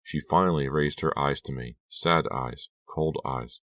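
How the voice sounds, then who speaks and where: A man narrating an audiobook thriller in a steady, measured storytelling voice. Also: a bass voice, no echo. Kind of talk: scripted narration.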